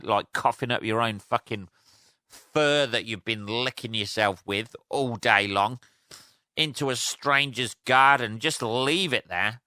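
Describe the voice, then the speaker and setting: A man's voice: mid-range voice, a little slow, sharp tone, dry recording, studio quality. Sweary man rambling. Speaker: podcast host. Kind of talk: casual solo podcast rant.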